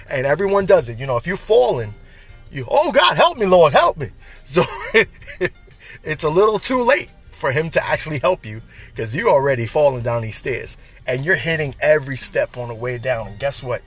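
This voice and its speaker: A man's voice: medium pitch, lively intonation, normal speed, a bit bright, breathy edge, soft background music. A man hosting a casual, uplifting message for his listeners, chatty and repetitive, often laughing at his own jokes. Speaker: podcast host.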